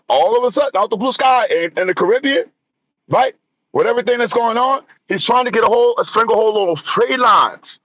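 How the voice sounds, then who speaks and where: A man with delivers a preachy live-stream rant straight to his viewers. His voice sits a bit high, with a bright and forceful edge. The audio is dry and somewhat dull. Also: no room sound. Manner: preachy, addresses viewers directly with repeated "right?" and "bro". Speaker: vlogger commenting on news. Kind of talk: casual live-stream commentary.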